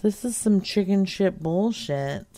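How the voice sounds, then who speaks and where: A woman's voice: medium pitch, animated, a little slow, very noisy. A woman hosting a live prank call show, talking loosely between calls, swearing and chatting to her cat. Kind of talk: casual livestream chat.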